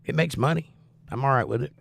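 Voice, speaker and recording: Gravelly, wry male livestream host. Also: mid-range voice, fast talker, no echo, studio quality. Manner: wry, teasing humor. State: out of breath, recovering from flu with coughs. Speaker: livestream host reading chat. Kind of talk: casual chat.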